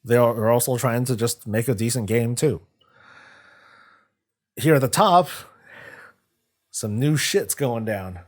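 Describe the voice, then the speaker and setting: A man's voice: medium pitch, a little slow, pauses often. A man hosting a live stream, talking casually in a rambling way, often restarting his sentences. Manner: rambling, frequent restarts and stumbles. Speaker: streamer host.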